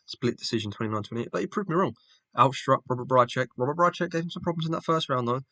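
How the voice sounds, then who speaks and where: A man's voice: mid-range voice, lively intonation, fast talker, bright, forceful tone, no echo. A man recapping fights in a casual, blunt, opinionated way, swearing and mocking fighters. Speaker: MMA fan reviewer.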